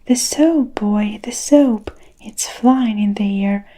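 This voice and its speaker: A flustered middle-aged father comes through in a soft whispered role-play, voiced by a woman. The delivery is slow and warm. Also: medium pitch.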